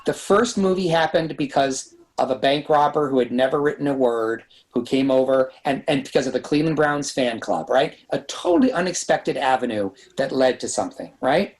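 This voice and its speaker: A man talking as a guest in a casual podcast interview, telling quick, lively anecdotes about making films. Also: mid-range voice, rough recording. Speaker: guest screenwriter and director. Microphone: podcast microphone.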